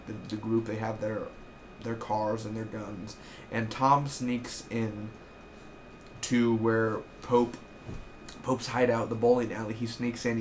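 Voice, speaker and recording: A young man giving an excitable, rambling casual review of a TV episode, with lots of fillers. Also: medium pitch, slight background noise.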